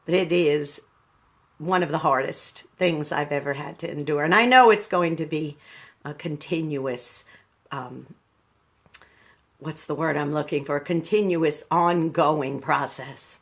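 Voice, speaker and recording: A woman in her sixties, a radio station manager, gives a reflective, halting live talk to her viewers while grieving, calling them "boys and girls.". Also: low-pitched.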